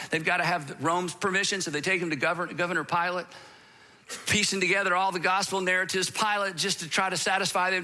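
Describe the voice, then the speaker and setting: Bright-voiced preacher telling a dramatic story. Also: male voice, sits high. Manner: dramatic storytelling, swinging from emphatic to whispered. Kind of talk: sermon.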